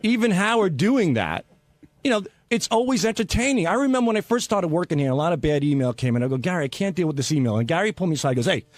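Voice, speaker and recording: A man on a radio show's staff, chatting in the studio as an animated storyteller who acts out what others said. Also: high-pitched, fast talker, dry recording. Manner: animated storyteller, quotes others in lively voices. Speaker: staff member of a radio show. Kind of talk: casual studio chat.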